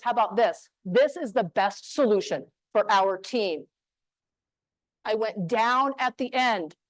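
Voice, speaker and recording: A woman from New Mexico giving a motivational talk on voice skills to a live audience, emphatic and punchy with deliberate pauses. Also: high voice, no room sound, poor audio. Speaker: speaker on voice skills. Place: room with an audience.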